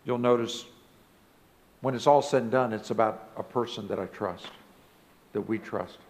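A man preaching a sermon as pastor of a church. He speaks emphatically and rises now and then to loud exclamations. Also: on the low side, moderate pace. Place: church sanctuary.

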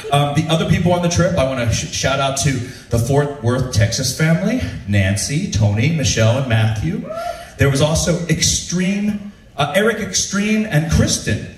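A man telling stand-up stories with a lively, swooping delivery that sits somewhat high for his voice. He laughs along with his own stories, and the sound is roomy and distant, as if recorded from across an echoing room. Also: moderate pace, a little hiss or hum. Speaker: comedian. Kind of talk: stand-up storytelling. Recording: roomy, from far off.

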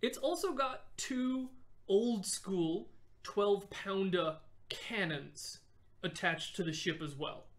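A woman's voice: mid-range voice, slow pace. A young woman co-hosting a casual history podcast, explaining with enthusiasm and frequent laughter. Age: young adult. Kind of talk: casual chat.

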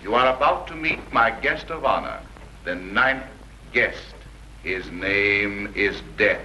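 A sinister radio voice. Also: male voice, lowish voice, expressive, sharp tone, slight background noise, heavily acted, rough recording. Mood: ominous. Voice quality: slow, formal, announcer-like. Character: sinister male radio voice, the unseen host. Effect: radio broadcast voice. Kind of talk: 1930s film acting.

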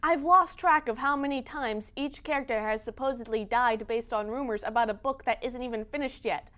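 A woman's voice: a little high, fairly quick, a bit bright. Sassy young woman doing comic voices. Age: young adult. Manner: sassy, switching between playful voices. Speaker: comedy video host reading tweets. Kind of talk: comedic sketch with voices. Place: Boston.

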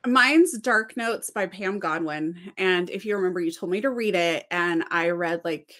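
A woman's voice: fairly low pitch, moderate pace. A woman, a teacher and co-host of a book channel, talking casually and expressively about books she loved. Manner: expressive, animated storytelling.

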